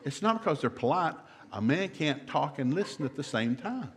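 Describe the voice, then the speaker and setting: Here a middle-aged guest seminar speaker gives a humorous, down-home talk on marriage, performing the dialogue of husbands and wives. His voice runs on the high side with a sing-song lilt, at a moderate pace.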